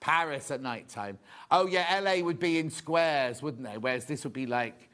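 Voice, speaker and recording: A man with a slightly high voice hosts a live TV shopping show from a studio. He keeps up cheerful, chatty sales patter, calls out prices and chats with the crew off camera. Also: expressive, normal speed, a bit bright, clean tone. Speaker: shopping channel presenter.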